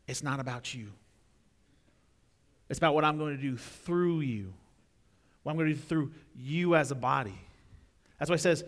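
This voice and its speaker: A young adult man preaching a sermon in a church, talking conversationally, repeating words and swelling louder on key points. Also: mid-range voice. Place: church sanctuary. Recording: long reverb of a church hall.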